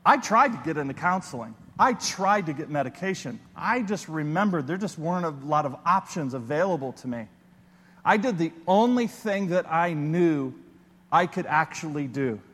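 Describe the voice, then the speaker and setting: A man preaching a sermon as a pastor, telling a personal story in an animated way and acting out his own panicked voice. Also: on the high side, moderate pace, in a large hall.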